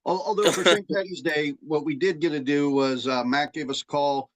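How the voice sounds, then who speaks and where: A man's voice: on the high side, fairly even intonation, normal speed. A man co-hosting a podcast in casual chat, telling stories in a rambling, profane way full of restarts. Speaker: podcast co-host.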